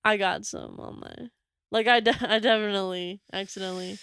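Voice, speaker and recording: A woman's voice: mid-range voice, steady tone, brisk, creaky, fairly bright tone, smooth, no echo. A young woman co-hosting a casual podcast, telling stories in a rambling way, full of "like" and little laughs. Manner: giggly, rambling storyteller full of "like". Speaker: podcast co-host.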